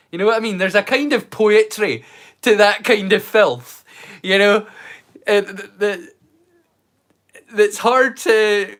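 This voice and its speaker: A Scottish man in his thirties hosts a livestream, chatting casually in a slightly high, fairly bright voice. He rambles and often repeats the first words of his sentences.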